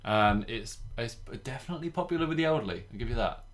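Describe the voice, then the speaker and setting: A man's voice: mid-range voice, expressive, fast talker. A young man, co-hosting a casual podcast chat with rambling, sweary jokes. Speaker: podcast co-host.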